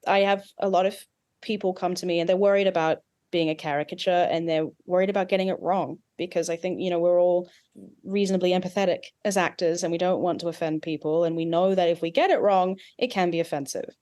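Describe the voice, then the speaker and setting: A woman with an Australian accent touched by American sounds, a dialect coach explaining things in a podcast interview. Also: lowish voice. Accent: Australian with some American influence. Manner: animated, explanatory, quick asides.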